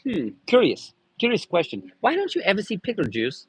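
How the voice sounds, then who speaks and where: Husky, crude, rambling man on a stream. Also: high voice, huge pitch swings, normal speed, dry recording, low-quality recording. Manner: crude, rambling, jokey with frequent cursing. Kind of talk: casual live-stream chat.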